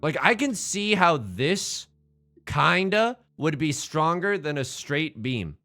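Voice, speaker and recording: A man streaming a building game live, thinking aloud in an excitable, joking way and swearing at his own designs. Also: a little high, slow pace, soft background music. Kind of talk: live gameplay commentary.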